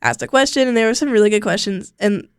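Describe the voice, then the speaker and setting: A young woman chats casually on a podcast, her sentences loose and full of "like" fillers. Her voice sits at an ordinary middle pitch for a woman. The sound is dry and close, with no echo from the room. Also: lively intonation, quick pace, clean tone. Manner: chatty, with many "like" fillers. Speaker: co-host. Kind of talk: casual chat. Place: radio studio.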